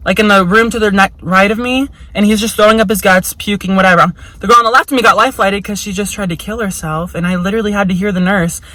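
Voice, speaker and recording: Telling a story in a casual vlog, a young woman speaks in a medium-pitched voice that's pushed and bright. She's chatty and blunt, swears heavily, scatters "like" throughout, and does impressions when she quotes people. There's no echo, but the audio quality is poor.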